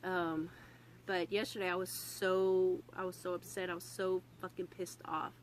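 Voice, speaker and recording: A young woman with a Southern US accent, talking candidly in a casual vlog, halting with many fillers and restarts and swearing freely. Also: lowish voice, flat delivery, slight background noise, low-quality recording. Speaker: vlogger. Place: home room. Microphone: phone on a stand.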